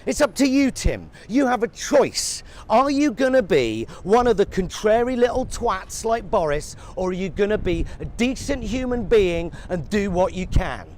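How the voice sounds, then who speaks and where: A man's voice: high-pitched, big pitch swings, normal speed, hardly any pauses, a little mellow. A man delivering a sarcastic, profane ranting monologue as a satirical commentator.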